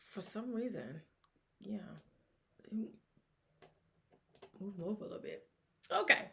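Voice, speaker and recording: This sports podcast host runs her casual talk show alone, her fairly low voice moving slowly with vocal fry and frequent pauses. Animated and prone to rambling tangents, she performs fans' reactions as she talks, with slight background noise behind her.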